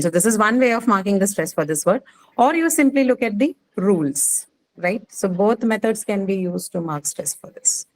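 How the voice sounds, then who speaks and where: A woman's voice: mid-range voice, low-quality recording. Patient woman teaching word stress. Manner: patient, quizzing students with repeated answers. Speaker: English teacher. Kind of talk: online class on word stress.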